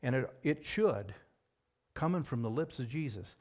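A man preaching a sermon in an emphatic way, with sudden rises in pitch and loudness on key words. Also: expressive, normal speed.

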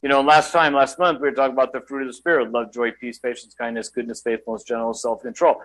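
A middle-aged man preaching a sermon in a conversational, self-deprecating way with quick asides. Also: medium pitch, steady tone, fairly bright tone, rough recording. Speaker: guest preacher.

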